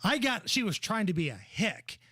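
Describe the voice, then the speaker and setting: Brash, animated talk radio host. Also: male voice, high voice, normal speed, husky, dry recording, studio quality. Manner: brash, mocking, blunt. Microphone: studio microphone.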